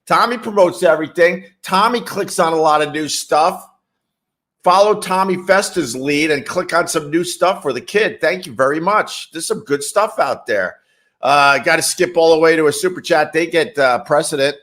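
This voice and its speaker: A man's voice: on the high side, normal speed, fairly bright tone. A man hosting a casual livestream, reading chat messages and rambling wryly with casual swearing. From New York.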